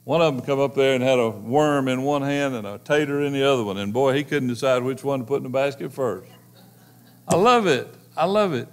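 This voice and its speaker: A man's voice: mid-range voice, normal speed. Folksy preacher man. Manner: folksy storytelling preacher, swinging loud and soft. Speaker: pastor. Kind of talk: sermon.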